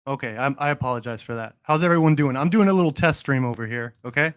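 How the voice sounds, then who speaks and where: A man's voice: mid-range voice, fast talker, clean tone. A young man hosting a casual livestream who jokes around in a playful, mock-boastful way and talks straight to his chat. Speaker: livestream host.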